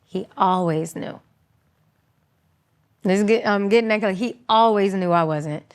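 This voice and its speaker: A woman in her thirties telling her own story as an interview guest, animated, acting out quotes in raised voices. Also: mid-range voice, brisk, smooth.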